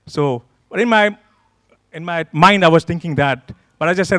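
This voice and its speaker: Guy pastor telling a story in church, high voice, lively, acts out what he was thinking, dry close sound. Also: normal speed, no echo. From Kenya. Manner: animated storyteller, acts out his own past thoughts. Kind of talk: sermon testimony storytelling. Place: church service.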